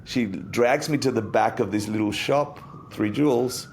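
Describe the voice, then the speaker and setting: A man, a guest on an interview podcast, telling a personal story in a lively way and acting out the voices in it. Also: medium pitch, measured pace, a little hiss or hum. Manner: animated storyteller, acts out quotes. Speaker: interview guest, Buddhist teacher.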